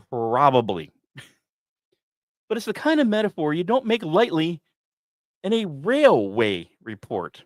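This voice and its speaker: Lively storytelling man, dry studio sound. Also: no echo. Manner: dramatic, wry asides, lively pitch swings. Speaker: podcast host. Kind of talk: storytelling history narration.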